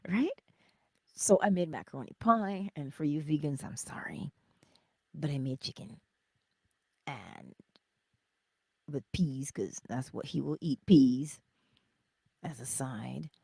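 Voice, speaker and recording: A middle-aged woman hosting a casual spiritual livestream, chatting with viewers, telling stories and often dropping into soft whispers. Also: sits low, expressive, slow, vocal fry, pauses often, husky, no echo. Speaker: host of a morning livestream.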